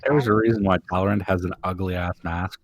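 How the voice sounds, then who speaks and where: Low-voiced man playing a tabletop game. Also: steady tone, normal speed. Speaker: player.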